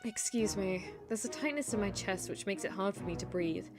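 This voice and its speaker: A young woman streamer reading a story game aloud, animated, laughing and breaking off to comment. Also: medium pitch, a little fast, over music.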